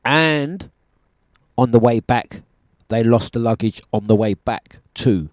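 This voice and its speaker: A man hosting a breakfast radio show, chatting casually and telling animated stories with plenty of laughter. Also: mid-range voice, slow pace, no room sound, clean studio sound. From United Kingdom. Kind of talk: casual on-air chat. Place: radio studio.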